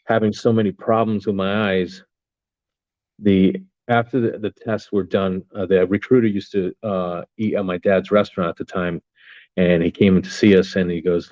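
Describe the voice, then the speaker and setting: A man in his fifties, a veteran appearing on a podcast, tells his story in a casual interview with bluntness, lots of profanity, and many fillers. His low, darkish voice shows little pitch movement at a moderate pace. The audio is dull with no echo.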